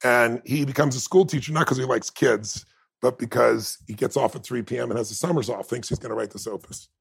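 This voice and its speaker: Male interview guest with a deeply gravelly, husky voice, passionate, emotional storytelling. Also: fairly even intonation, a little fast. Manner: emotional, impassioned, emphatic. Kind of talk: heartfelt conversational storytelling.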